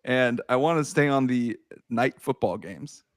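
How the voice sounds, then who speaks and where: An unhurried man in his thirties hosts a podcast, telling animated stories in casual chat with big swings, laughter, swearing, and shouts at the peaks. The sound is clean studio audio with no echo.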